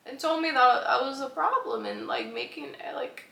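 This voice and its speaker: A young woman vlogger telling a personal story in a lively, laughing way, acting out the voices of the people in it. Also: sits high, normal speed, creaky, hardly any pauses, echoey room.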